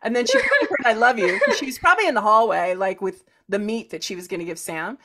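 Animated woman podcast host. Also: mid-range voice, quick pace. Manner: animated, acts out scenes with sound effects and quoted voices. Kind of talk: casual chat.

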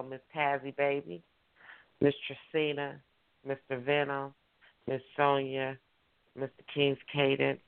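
A man's voice: a little high, creaky, clear, resonant tone. A man hosting an online radio show, hyped and repetitive, calling out to his listeners. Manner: hyped, repetitive, call-and-response. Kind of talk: casual radio show talk. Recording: tinny phone line.

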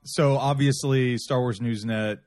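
A man co-hosting a casual podcast chat, speaking in a measured, thoughtful way. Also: mid-range voice, fairly even intonation, a little mellow, no room sound, studio quality. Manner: measured, thoughtful, cautious about rumors. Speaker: podcast co-host.

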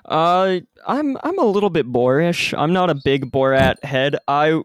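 A man's voice: a little high, expressive, measured pace, clear, resonant tone, no room sound. Young man, podcast co-host, playful, dry close sound. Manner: jokey, playful. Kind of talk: casual podcast chat.

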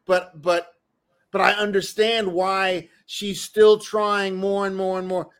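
Animated woman acting out quotes. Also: medium pitch, slow pace. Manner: animated, acts out quotes from others. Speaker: podcast co-host. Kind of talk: casual reality-TV recap chat.

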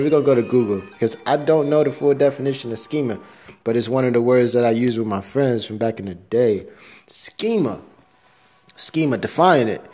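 A man's voice: medium pitch, a little mellow. A young man rambling through a casual, profane audio diary, laughing at his own jokes.

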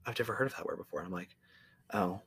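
A man's voice: sits low, very fast, fairly bright tone, husky. Rambling young man chatting casually. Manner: rambling, swears casually, frequent fillers and restarts. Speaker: podcast co-host. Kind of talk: casual chat.

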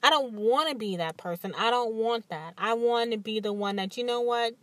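A woman hosting a podcast, telling stories in an animated, candid way and acting out what others said. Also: a little high, moderate pace, no room sound. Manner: animated storytelling with acted-out quotes and frequent laughs; emphatic and candid. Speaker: podcast host. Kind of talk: casual monologue.

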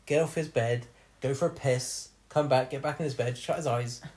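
A man on a podcast spins a long personal tale in loose, casual chat. He laughs often as he talks, and his voice sits at an ordinary middle pitch. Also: fairly even intonation, normal speed, a little mellow. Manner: laughs often while telling stories. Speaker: podcast host.

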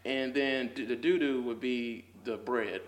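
A man's voice: medium pitch, fairly even intonation, unhurried. A young man teaching a casual Sunday school Bible lesson, talking in slang with lots of "like"s and growing fervent as he goes. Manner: fervent, builds to near shouting, laughs often; casual slangy talk with many "like"s. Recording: echoey room.

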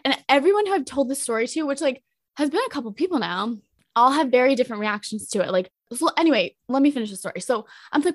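A young woman cohosts a chatty podcast and tells a story at a quick clip, full of fillers. She acts out what people said with lively jumps in pitch. The mic sounds close and dry. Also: no echo. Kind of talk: casual storytelling chat.

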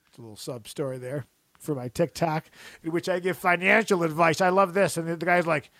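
A man's voice: fairly high pitch, fairly quick, fairly bright tone, no echo. A man co-hosting a casual chat, rambling and joking, often breaking into laughter. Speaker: podcast co-host.

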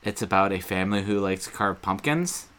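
A man's voice: low-pitched, lively intonation, a little fast, a crowd in the background. A man co-hosting a podcast, casually chatting and swearing as he rambles through a movie retelling. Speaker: podcast co-host. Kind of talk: casual chat.

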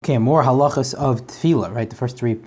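Fast-talking man teaching Talmud. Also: mid-range voice, a little mellow, slightly rough. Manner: translates line by line, restarts phrases, conversational asides. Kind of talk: casual Talmud class.

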